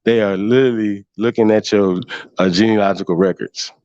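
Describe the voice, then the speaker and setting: A man's voice: on the low side, steady tone, brisk, a little mellow, dry recording, dull audio. A man hosting a casual livestream, mocking and profane, laughing often. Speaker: host.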